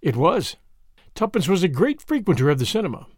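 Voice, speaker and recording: Man, audiobook narration, lively pitch swings, fairly high voice, dry close sound. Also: brisk, no echo. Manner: expressive storytelling. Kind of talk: scripted narration.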